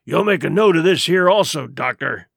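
Man playing a wily old pirate, rough sailor talk, lively pitch, dry sound. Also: moderate pace, no echo, exaggerated voice. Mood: pleading. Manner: rough sailor's dialect speech. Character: wily old male pirate, wheedling and pleading.

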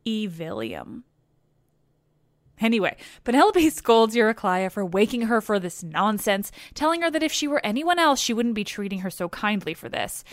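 Podcast storyteller, woman, playful and wry, fairly high voice, dry recording. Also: lively intonation, a little fast, few pauses, no room sound. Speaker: podcast host and narrator. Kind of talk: casual storytelling retelling of a myth.

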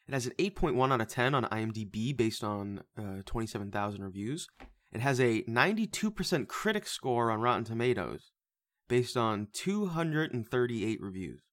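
A man hosting a casual movie review podcast, animated and swearing freely, who slips into loud mock voices. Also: medium pitch. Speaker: podcast host.

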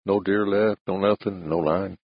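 A low, gravelly man's voice with a husky grain, telling plainspoken rural hunting tales. He sits close on a dry mic. The recording sounds dull and lo-fi. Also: steady tone, moderate pace, no echo. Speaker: rancher. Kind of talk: casual storytelling.

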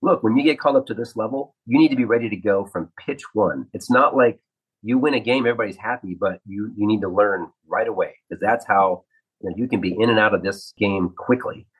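A man in his fifties, a former ballplayer and radio analyst, telling stories from his career in an interview, animated and acting out quotes. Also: lowish voice, brisk, breathy edge, poor audio. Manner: animated anecdotes, acts out quotes. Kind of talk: storytelling interview.

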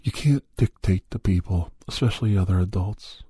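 A man's voice: low voice, normal speed, warm tone, breathy edge, no room sound, studio quality. A man giving a rambling, preachy moral monologue, often sliding into a whisper. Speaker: monologue speaker.

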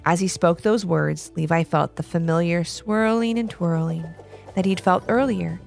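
A woman host narrating a children's story in an expressive, animated way. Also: fairly low pitch, moderate pace, gravelly, faint music behind.

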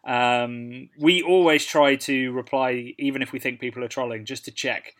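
A man's voice: medium pitch, steady tone, normal speed, a bit bright. A man with a British accent, co-hosting a casual podcast and telling stories with a laugh. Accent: British English. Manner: laughs while telling stories, reads out comments. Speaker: podcast co-host. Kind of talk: casual chat.

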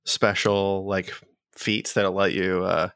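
Gravelly low-voiced man running a game. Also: slow pace, no echo, studio quality. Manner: relaxed, hesitant, lots of fillers. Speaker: game master.

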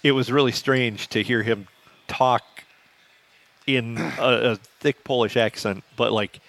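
A man's voice: medium pitch, fairly even intonation, unhurried, a bit bright. Dry-humored man telling anecdotes. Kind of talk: casual chat.

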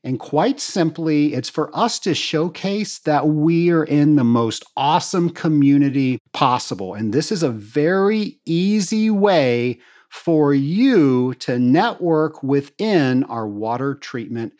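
Lively, upbeat male podcast host. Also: on the high side, a little slow. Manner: enthusiastic, grateful, promotional. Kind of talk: solo podcast monologue.

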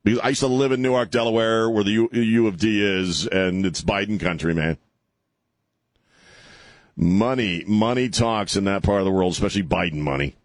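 A lower-voiced man riffing through political commentary with a sarcastic, mocking edge. He rambles, restarts and pads his lines with fillers. The sound is dry and close, with no room around it. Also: normal speed, dry recording. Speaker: talk show host.

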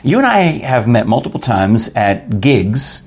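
A man's voice: mid-range voice, sing-song, unhurried, husky. An older man hosting a casual chat show, chatty and jokey, rambling into asides. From New York. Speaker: podcast host.

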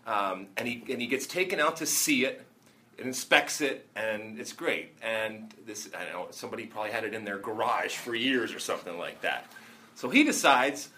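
A former soccer player telling a story in casual chat, halting with fillers and restarts. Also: male voice, on the low side, animated, pushed and bright. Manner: rambling, halting anecdotes with many fillers and restarts.

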